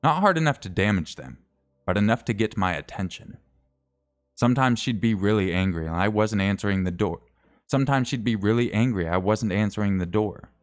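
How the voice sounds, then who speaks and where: A man's voice: lowish voice, animated, a little fast. A man streaming, reading a scary story aloud in a casual way, correcting his slips and adding wry asides.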